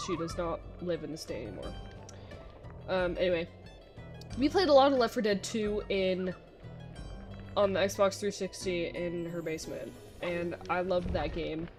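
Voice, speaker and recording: With music behind her, a young woman talks casually over her gameplay stream, rambling, restarting sentences and using lots of fillers. She speaks at a normal speed in a lowish, animated voice, with long pauses.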